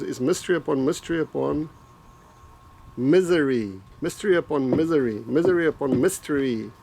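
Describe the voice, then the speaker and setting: Man, gravelly voice, a bit high, joking and rambling, casual vlog to camera. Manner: joking, rambling, repeats himself. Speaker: vlogger making predictions.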